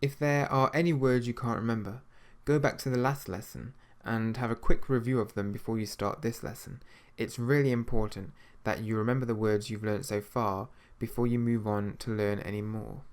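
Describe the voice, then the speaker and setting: A man teaching an audio language lesson, patiently repeating each word slowly so learners can practice. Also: mid-range voice, smooth.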